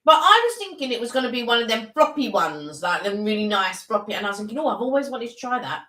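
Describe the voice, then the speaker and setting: A woman's voice: on the high side, sing-song, fast talker, bright, forceful tone. A woman co-hosting a casual live stream, replying in a dry, matter-of-fact way. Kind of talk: casual chat. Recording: echoey room, distant from mic.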